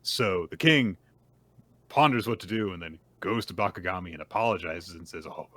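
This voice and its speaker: A podcast co-host casually retells a manga chapter, chatty and acting out the dialogue. He has a low voice with lively intonation and a fairly bright tone, speaks at a moderate pace, and the recording has no echo.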